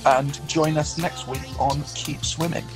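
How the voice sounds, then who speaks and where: A man hosting a podcast, signing off the episode in a measured, friendly way. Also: a little high, steady tone, music in the background. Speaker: podcast host. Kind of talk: podcast sign-off.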